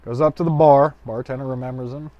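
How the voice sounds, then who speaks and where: A man's voice: medium pitch, fairly even intonation, fast talker, muffled recording. A man telling a joke in a loose, colloquial storytelling way with rambling asides. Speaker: joke teller.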